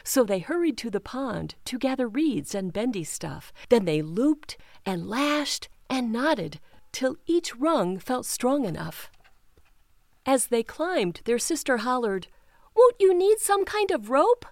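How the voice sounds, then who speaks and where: Woman storytime reader, higher voice, animated, unhurried read-aloud, dry close sound. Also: gravelly, no room sound. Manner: slow, expressive read-aloud with character voices. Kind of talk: reading picture books aloud.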